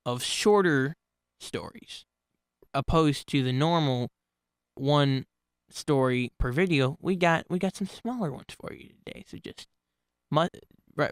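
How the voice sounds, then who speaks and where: A man's voice: fairly high pitch, clear, resonant tone, dry recording, studio quality. A man telling personal stories in a casual, rambling way, often restarting and correcting himself. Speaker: channel host telling stories. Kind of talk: casual spoken storytelling.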